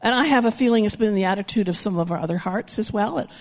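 An older woman preaching a sermon, telling stories animatedly and acting out the people in them with shouts and whispers. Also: medium pitch, quick pace, few pauses. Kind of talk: sermon storytelling. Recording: reverberant hall.

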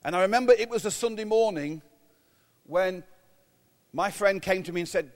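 A man's voice: sits high, normal speed, pauses often. An English man in his fifties preaching a sermon as pastor, telling humorous, self-mocking stories. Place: church. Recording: long hall reverb.

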